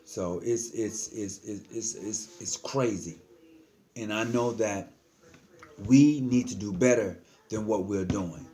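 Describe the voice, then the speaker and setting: A man's voice: on the low side, slow pace, warm tone. An earnest man talking casually to the camera, giving frank advice as a lodge member, often repeating himself and slipping into slang.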